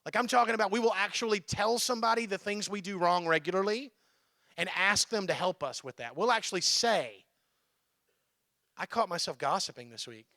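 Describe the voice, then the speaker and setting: A man's voice: high voice, a little fast, gravelly, pushed and bright, no echo, studio quality. A male pastor giving a conversational sermon in church, often checking in with his listeners.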